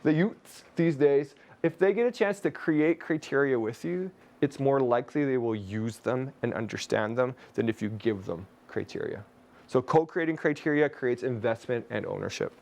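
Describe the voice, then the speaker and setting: A man's voice: mid-range voice, normal speed, vocal fry, darkish tone. A man from Canada leading a teacher webinar on a video call, chatty, with jokey asides to his audience. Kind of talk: webinar presentation.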